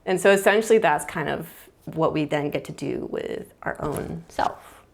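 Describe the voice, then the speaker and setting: A young woman with a low, gravelly voice teaches in an easy, casual way. She thinks aloud as she goes, with plenty of fillers and restarts, like a therapist explaining at a whiteboard. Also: moderate pace. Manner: casual, thoughtful, with many fillers. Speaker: mind-body therapist.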